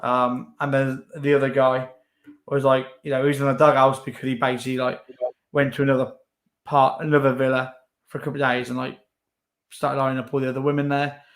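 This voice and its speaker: A man's voice: medium pitch, flat delivery, brisk. Chatty young man. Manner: chatty, lots of fillers. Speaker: co-host. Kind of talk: casual chat.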